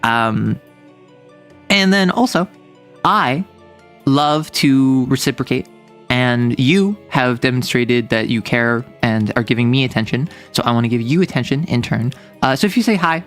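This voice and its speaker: A young man from the US Northeast chats with his stream audience. His voice sits at an ordinary pitch, and he rambles freely, piling on fillers and restarts. Soft music plays faintly behind him. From US Northeast, near New York City. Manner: rambling, chatty, many fillers and self-corrections. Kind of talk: casual livestream chat reading chat.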